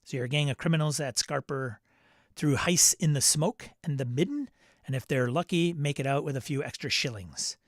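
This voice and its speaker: A man talks through a rundown in a loose, chatty way, reading out listings and then breaking off into asides. His voice sits a little high for a man. The sound is very dry and close, with no room around it. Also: normal speed, no room sound. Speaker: podcast host. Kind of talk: casual solo news rundown.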